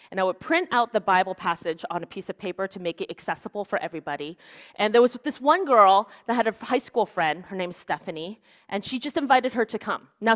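A young woman preaching a sermon in an earnest, conversational way, with lots of "like" and "right?". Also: medium pitch. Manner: casual, earnest, fillers like "like" and "right?".

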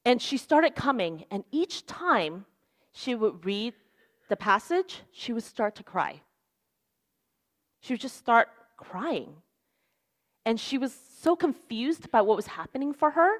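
A young woman preaches a sermon in an earnest, casual, conversational way, sprinkling in fillers like "like" and "right?". Her voice sits on the high side with big pitch swings, and her pace is measured.

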